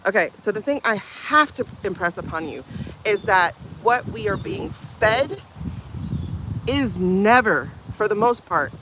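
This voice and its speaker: A woman hosting a spiritual livestream, talking in an emotional, halting way and often repeating herself. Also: mid-range voice, background noise. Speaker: livestream host, intuitive reader. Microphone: phone livestream.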